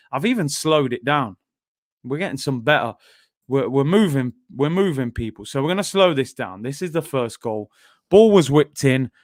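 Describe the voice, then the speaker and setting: A man's voice: mid-range voice, no echo, studio quality. A man hosting a fan football channel, chatting animatedly through goal replays and often addressing viewers as "people". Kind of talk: casual fan commentary over match replays.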